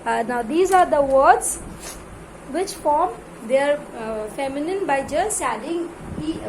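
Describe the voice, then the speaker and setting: A woman teaching an English grammar lesson to a class. She reads word lists aloud in louder, drawn-out calls and spells words out letter by letter. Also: high-pitched, roomy sound. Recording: noisy room recording.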